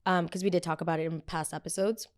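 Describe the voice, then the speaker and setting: A woman's voice: on the low side, fast. Chatty young woman hosting a podcast. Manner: chatty and animated, many fillers and sudden excited exclamations. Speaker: podcast host. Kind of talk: casual solo pop culture recap.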